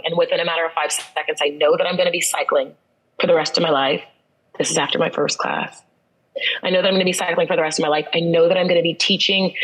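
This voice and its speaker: A woman's voice: on the low side, low-quality recording. Earnest woman telling a personal story. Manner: earnest and reflective, with repeated phrases for emphasis. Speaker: guest.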